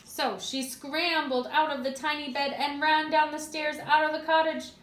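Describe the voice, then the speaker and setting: A preschool teacher, a woman, reading a story aloud and asking the children questions in a clear, expressive way. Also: high voice, normal speed, a little hiss or hum. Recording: echoey room.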